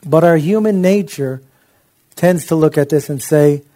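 A man's voice: on the high side, a little slow, warm tone. A man preaching a sermon in an impassioned, conversational way, with frequent asides to his listeners.

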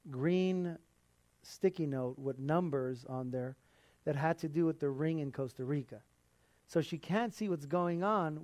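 A man gives a heartfelt sermon in a somewhat high, a little mellow voice, chatting with the listeners and occasionally laughing. The sound is dry and close-miked, with no echo from the space.

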